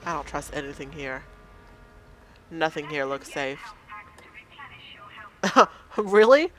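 Nervous slow-talking woman gamer. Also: low voice, lively intonation, a bit bright, slight background noise. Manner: nervous, self-mocking, talks to the game. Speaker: let's play gamer. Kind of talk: casual game commentary.

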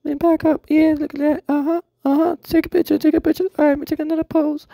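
A woman's voice: high voice, level tone, fast, vocal fry, mellow, no echo. A woman doing a vain tuxedo cat. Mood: preening. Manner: preening and self-satisfied. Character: vain posing tuxedo cat, showy and proud.

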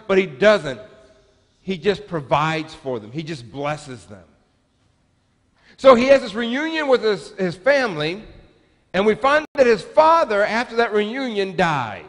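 A man in his forties preaches with a high, lively voice that swoops up and down. He tells stories in a chatty, humorous way that draws the congregation in. His words ring with the long reverb of a church sanctuary. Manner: animated, humorous, chatty storyteller. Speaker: pastor. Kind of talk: sermon with personal storytelling.

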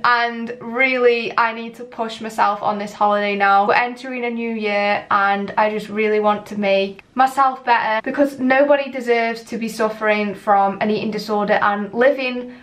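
Young female vlogger, slightly high-pitched, candid and casual. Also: fairly bright tone. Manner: candid and chatty, talking straight to the camera. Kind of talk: casual vlog chat.

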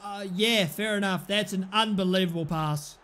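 A young man commentating his own football video game play, excitable, shouting at big moments and muttering in between. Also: high-pitched, normal speed. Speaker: gaming commentator. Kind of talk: live let's-play commentary.

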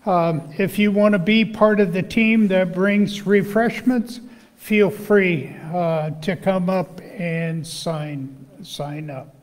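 A male pastor who is losing his voice, giving church announcements and reading scripture in a slow, measured way with fillers. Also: sits high, big-room sound. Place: church sanctuary.

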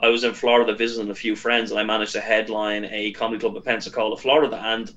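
A man who does stand-up comedy, chatting as a guest and telling stories in a lively way, with lots of fillers. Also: fairly low pitch, fast, muffled recording. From Ireland. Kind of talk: casual interview chat.

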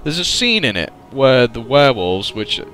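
A man's voice: medium pitch, big pitch swings, moderate pace, fairly bright tone. A young man doing casual let's-play commentary, goofy and rambling, with heavy swearing. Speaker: gaming commentator. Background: game music faint.

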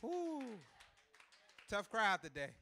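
High-voiced preacher building to shouts. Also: male voice, wildly swooping pitch, slow pace, slight background noise. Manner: builds to loud emphatic shouts, chuckles between points; repeats key lines for emphasis, calls to the congregation. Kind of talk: live church sermon. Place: church sanctuary.

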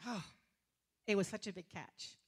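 A woman preacher, giving a lively sermon full of laughter, casual slang and sarcastic humor. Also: medium pitch, moderate pace, vocal fry, slightly rough.

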